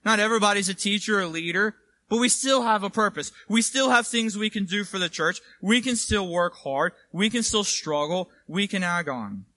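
Bright, high-voiced preacher. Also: male voice, no room sound. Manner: conversational and emphatic, asks "right?". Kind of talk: sermon. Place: church.

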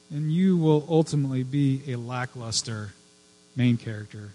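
A man's voice: medium pitch, moderate pace, dark tone. A man preaching a sermon as a pastor, telling personal stories with casual asides and building to fervent emphasis on his main points. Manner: conversational, digressive storytelling with personal asides.

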